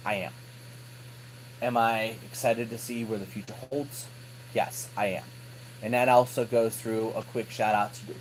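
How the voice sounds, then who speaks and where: A man hosting a hobby show, chatting casually with his viewers from his home workshop and getting excited as he answers them. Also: on the low side, a little hiss or hum, rough recording. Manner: folksy and excitable, calls viewers brother. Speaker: host of a scale RC hobby show. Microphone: phone camera.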